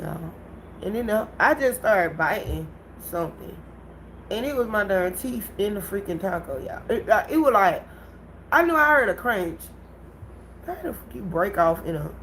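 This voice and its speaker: A woman hosting a casual livestream, telling a story to her viewers in an animated way and laughing often. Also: on the low side, vocal fry, slight background noise, low-quality recording. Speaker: livestream host.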